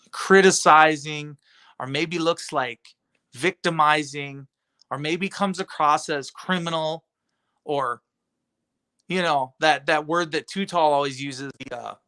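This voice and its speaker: A man's voice: fairly high pitch, pushed and bright. Sarcastic, profane ranting man. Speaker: streamer addressing his chat. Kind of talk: rambling rant at a chat member.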